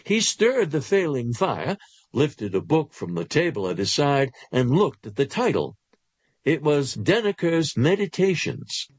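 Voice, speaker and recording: A man narrating a literary short story aloud in an expressive storytelling manner. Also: fairly high pitch, a little slow, husky, dry recording.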